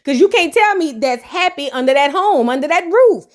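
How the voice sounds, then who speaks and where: Sassy high-voiced woman recapping reality TV. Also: expressive. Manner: sassy, slangy, rapid-fire mocking commentary. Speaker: reality TV reviewer. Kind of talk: casual comedic recap.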